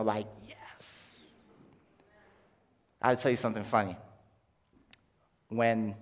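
A young adult male preacher gives an animated testimony sermon, acting out the quoted voices as he tells his story. His voice is medium-pitched, and the recording has a long hall reverb.

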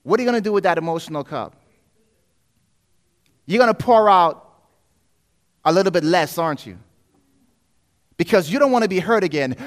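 A male preacher with a fairly high voice delivers a sermon. He is animated and acts out quoted voices, moving between loud stretches and quiet, hushed ones. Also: moderate pace, long pauses.

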